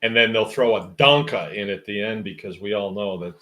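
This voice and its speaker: Low-voiced man hosting a casual livestream. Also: lively intonation, a little slow, hardly any pauses, a bit bright. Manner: rambling, musing, wry. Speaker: host. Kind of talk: casual livestream chat reading comments.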